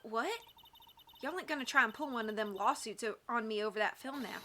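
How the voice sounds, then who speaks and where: A brash, folksy Southern woman with a thick, slow drawl, as a woman puts her on for a video game. Her voice sits high and bright, and she talks feisty and loud. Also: slight background noise. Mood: suspicious. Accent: put-on Southern US drawl. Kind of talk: video game voice-over reading.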